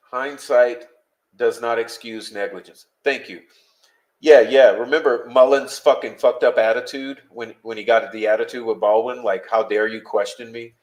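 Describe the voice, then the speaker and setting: Man, live-stream host, blunt, heated, swears constantly, mid-pitched voice, casual rant to chat. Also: fairly even intonation, measured pace, pauses often. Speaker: podcast host.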